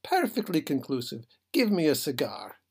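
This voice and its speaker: Ship captain, philosophical, gentle, husky, higher voice, read by a man. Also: huge pitch swings, moderate pace, full character voice. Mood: serene. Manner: gentle, reasoning, lofty. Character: genteel philosophical male ship captain, calm.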